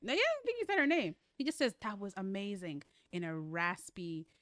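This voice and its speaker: A woman co-hosting a casual book discussion podcast, animated and laughing often, with playful asides. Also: fairly high pitch, fast, no room sound.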